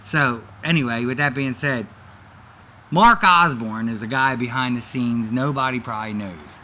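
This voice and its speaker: A man's voice: normal speed, slight background noise. A man casually telling stories from his wrestling career in an interview, animatedly acting out the people he quotes. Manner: animated, acts out quoted voices with big pitch jumps.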